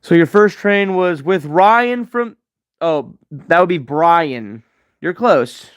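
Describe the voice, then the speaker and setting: A man's voice: on the high side, expressive, slow pace, smooth. A young man hosting a casual livestream Q&A, rambling and answering chat messages as he goes. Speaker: livestream host.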